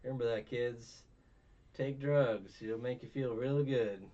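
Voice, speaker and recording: A man's voice: mid-range voice, fairly even intonation, moderate pace, dark tone. A tired young man hosting a casual review chat, rambling with many fillers and self-mocking asides. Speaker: podcast host. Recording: distant, dull mic with faint noise.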